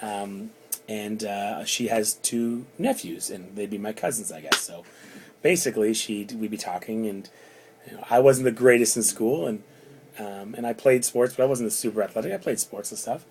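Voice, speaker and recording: A man's voice: lowish voice, normal speed, darkish tone, a little hiss or hum, poor audio. A man in his thirties from Canada, rambling chattily through a personal story and acting out the people he quotes. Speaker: bar doorman telling a personal story. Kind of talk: casual spoken anecdote.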